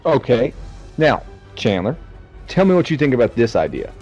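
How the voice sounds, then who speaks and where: A man's voice: mid-range voice, very animated, normal speed, darkish tone, slightly rough, faint music behind. Man chatting on a podcast, dull lo-fi sound. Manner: profane, jokey. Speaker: podcast co-host. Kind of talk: casual movie review chat.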